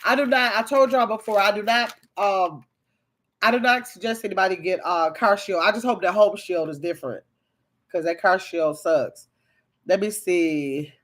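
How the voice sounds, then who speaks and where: A woman's voice: medium pitch, moderate pace. A woman hosting a casual livestream, chatting with viewers and reading their comments aloud in a rambling, conversational way. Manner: chatty, reads viewer comments aloud, talks to chat directly; rambling and conversational, with sudden excited bursts. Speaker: livestream host.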